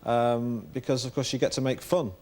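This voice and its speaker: A man's voice: medium pitch, fairly even intonation, normal speed. A man being interviewed as a guest comedian on a chat show, giving dry, understated replies. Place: TV studio. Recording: hissy old TV tape.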